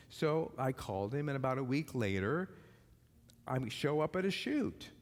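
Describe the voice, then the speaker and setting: A man's voice: medium pitch, big pitch swings, normal speed. A man preaching as a minister, moving from rousing repeated calls to act into a personal story. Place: church hall. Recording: long reverb of a large hall.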